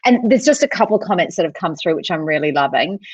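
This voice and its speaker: A woman co-hosting a casual live online chat over a video call, animated, laughing often and reading out viewer comments. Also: lowish voice, fast, husky, no echo. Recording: dull lo-fi video call audio, dry.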